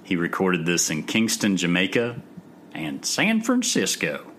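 A man's voice: deep voice, wildly swooping pitch, a little slow, a bit bright, slight background noise. A man hosting a music podcast, reading album facts in a matter-of-fact way. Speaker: podcast host.

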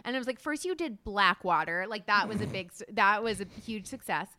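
A woman chatting on a podcast as a guest, animated and swearing freely, with lots of "like". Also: medium pitch, fairly quick, a little hiss or hum. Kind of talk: casual podcast chat.

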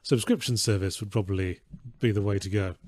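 A man's voice: on the low side, fairly quick, darkish tone, dry recording. A man co-hosting a stream in casual chat, making dry, wry remarks. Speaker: stream co-host.

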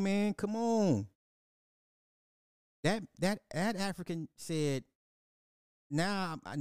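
A man hosting a livestream in casual commentary, talking in an animated, emphatic way and laughing often. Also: mid-range voice, smooth, dry recording, studio quality. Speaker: livestream host.

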